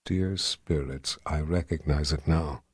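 A man reading the part of a frowning old wizard in an audiobook, murmuring in a hushed voice. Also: extremely low pitch, unhurried, husky, no room sound, clean studio sound, voice pushed down, exaggerated voice. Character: frowning old male wizard, wary and thoughtful.

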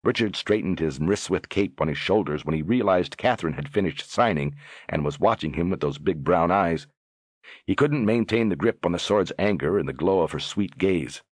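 A man narrating an audiobook in a measured, dramatic way. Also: sits low, breathy edge, dry recording, studio quality.

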